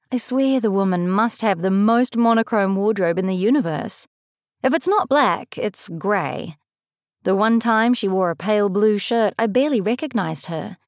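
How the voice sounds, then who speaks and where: A young adult woman reading a first-person audiobook in a measured, lightly expressive way. Her voice sits mid-range. The recording is dry and close to the mic. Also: mid-range voice, no room sound. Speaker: audiobook narrator.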